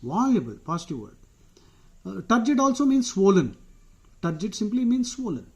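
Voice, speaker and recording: An Indian man giving a relaxed vocabulary lesson with a slightly higher voice than most men. He talks conversationally, drifts into side remarks and fills pauses with "uh". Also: breathy edge. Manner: digressive, chatty, frequent "uh" fillers. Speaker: vocabulary teacher. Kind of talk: casual explanatory lesson.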